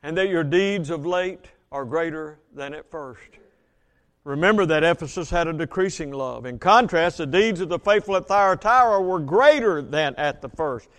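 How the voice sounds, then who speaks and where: High-voiced preacher slowing for emphasis. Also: male voice, expressive, fairly bright tone. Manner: reads scripture aloud, slows for emphasis, asks congregation questions. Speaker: Baptist pastor. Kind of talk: sermon.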